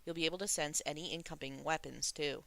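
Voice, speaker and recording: A reader voicing a gentle, anxious male crown prince who talks in a soothing, reassuring way. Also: medium pitch, steady tone, fast, gravelly.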